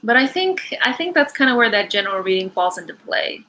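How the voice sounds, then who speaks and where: Bright-voiced young woman rambling on a stream. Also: on the high side, sing-song, fairly quick, a little hiss or hum, rough recording. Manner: rambling, many fillers, apologetic asides. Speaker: angel card reader hosting a live Q&A. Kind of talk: casual livestream chat. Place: her home, animals around.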